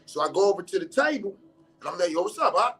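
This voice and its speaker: A man's voice: high-pitched, very animated, fast talker, pushed and bright. A man telling a story in casual slangy speech, cursing freely and acting out what others said. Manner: slangy, profane, acts out the voices of others. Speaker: storyteller recounting an encounter.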